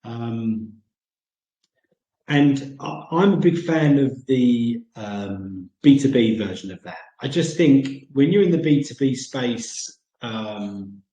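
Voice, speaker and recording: A man's voice: mid-range voice, lively intonation, slow, warm tone, highs cut off. Rambling British man in a roomy space. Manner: rambling, many ums and uhs. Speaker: segment host. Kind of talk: casual chat.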